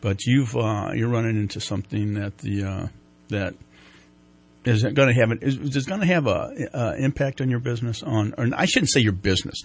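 A man hosts a talk program and interviews his guest. He talks in halting bursts, restarting his sentences often, and adds dry, wry asides between his questions. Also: on the low side. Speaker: talk show host.

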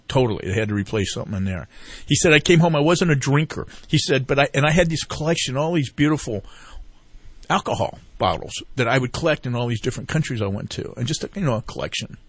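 A man's voice: mid-range voice, no room sound. A man, a veteran, telling long stories as a guest on a talk interview, often retelling other people's words and looping back as he goes. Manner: rambling storyteller who retells others' words. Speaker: veteran guest promoting a fishing group. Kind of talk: casual talk-radio interview.

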